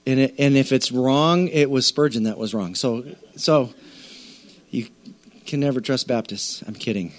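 A man preaching a sermon to a church congregation, animated and conversational, often acting out the voices of listeners. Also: medium pitch, unhurried. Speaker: pastor.

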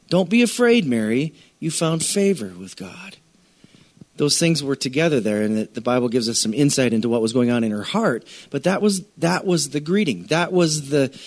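A man's voice: medium pitch, darkish tone. A middle-aged man preaching a sermon in a conversational way, acting out scripture scenes and speaking straight to the congregation. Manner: conversational preacher, acts out scripture voices, addresses congregation directly. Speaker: pastor.

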